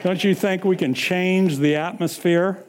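Middle-aged guy preaching, slow and drawn out, kinda high voice, loud then hushed storytelling. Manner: animated storytelling, sudden swings from loud to hushed; breaks into sung lines and laughter. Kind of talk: sermon with personal story.

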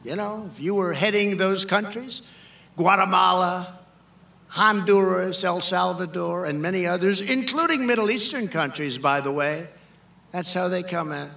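An older man giving a political rally speech, emphatic and repetitive, often shouting. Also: sits high, normal speed, creaky, distant mic. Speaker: political speaker.

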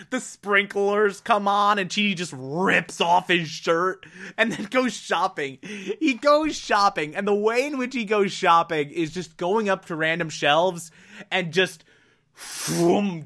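A man's voice: sits high, sharp tone. A man recapping a TV episode in a casual way, often breaking into laughter and swearing freely. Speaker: TV episode reviewer.

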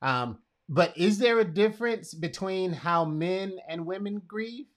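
A man's voice: sits high, lively intonation, a little slow. Man hosting a casual talk. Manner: conversational, retells a Bible story in his own words. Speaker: podcast host. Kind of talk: casual conversation.

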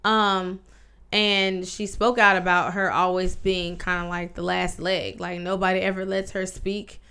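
Smooth-voiced woman co-host. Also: fairly low pitch, level tone, pushed and bright. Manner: measured, corrective, filler-laden. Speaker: podcast co-host. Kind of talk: casual podcast chat.

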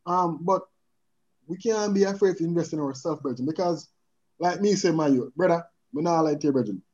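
This podcast guest's fairly high voice moves at a fairly quick clip as he talks casually, slipping patois into his speech. Animated, he repeatedly asks "you understand?", over a dull, lo-fi recording.

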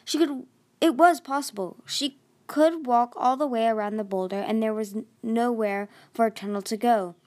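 A woman narrating a novel chapter in an amateur reading, her voice sitting somewhat high. She trips over words and goes back to fix them. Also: normal speed, a little mellow. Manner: stumbling, self-correcting reading. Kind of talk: audiobook reading.

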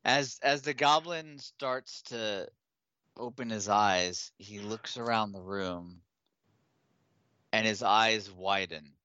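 A man narrating as game master in a tabletop game, halting and restarting as he goes. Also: lowish voice, sharp tone, clear, resonant tone, no room sound, muffled recording.

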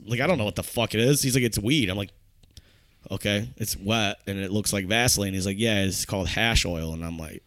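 A young man from upstate New York spins a rambling, profane story among friends, jumping into voices for the people in it. His voice sits a little low and is recorded dry and close, with no room sound. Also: brisk, dry recording. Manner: profane, animated storyteller acting out quotes. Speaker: podcast host. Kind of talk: casual storytelling chat.

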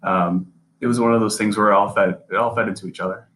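Earnest young man with a low voice. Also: steady tone, fast, a bit bright, rough recording. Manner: earnest, repeats and restarts words. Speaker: sports reporter, podcast guest. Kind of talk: casual interview conversation.

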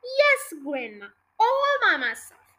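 Storybook role: a woman as an earnest boy, loud calls, lively pitch. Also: slow, heavily acted. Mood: insistent. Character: eager young boy, calling out.

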